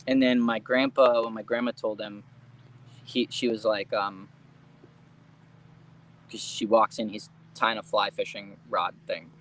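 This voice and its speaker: A man's voice: fairly low pitch, flat delivery, measured pace, long pauses, a bit bright, a little hiss or hum, poor audio. A young adult man telling family stories as an interview guest, chatty and laughing often, with casual swearing.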